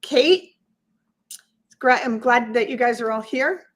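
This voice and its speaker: Earnest, higher-voiced woman podcast co-host. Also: slow pace, fairly bright tone. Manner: earnest, explanatory, repeats points for emphasis. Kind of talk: casual podcast conversation.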